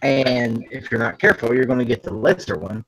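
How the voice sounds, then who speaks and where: A man calling in from home and telling a folksy, animated story. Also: medium pitch, brisk, creaky, slight background noise, low-quality recording. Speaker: guest on an online call. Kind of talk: casual chat. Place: at home, late at night.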